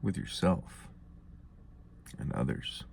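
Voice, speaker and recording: A man's voice: slow pace, darkish tone, slight background noise. A young man hosting his own show, musing in a laid-back, rambling way. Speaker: host. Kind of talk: casual monologue.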